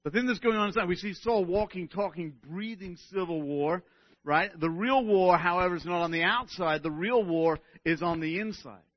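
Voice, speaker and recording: A male pastor delivering an animated sermon, often checking in with "right?" and restarting his words. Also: high voice, normal speed, no echo, muffled recording.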